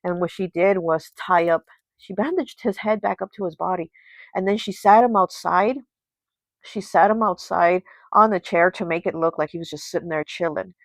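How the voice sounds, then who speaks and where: A woman's voice: lowish voice, normal speed, dry recording, poor audio. A woman, host of a tarot channel, retelling a folk tale in a chatty, casual way, full of fillers. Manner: chatty, heavy with fillers like "you know" and "like". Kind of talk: casual storytelling.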